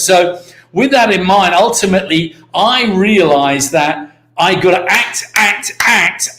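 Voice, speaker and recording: A British man giving an energetic motivational talk on a live stream, repeating key words and calling out to viewers by name. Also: fairly high pitch, reverberant. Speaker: network marketing mentor hosting a live stream.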